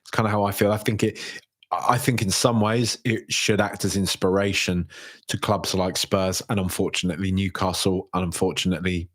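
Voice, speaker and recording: A man's voice: low voice, flat delivery, moderate pace, a bit bright. A young man hosting a casual solo football podcast, chatting and reading out viewer messages with lots of fillers and restarts. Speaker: podcast host.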